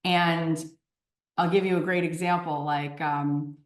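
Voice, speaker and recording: A woman in her forties, a podcast guest telling stories in an animated conversational way, often checking in with "right?" and "okay?". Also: deep voice, unhurried, far from the mic. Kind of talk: storytelling in conversation. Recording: roomy echo.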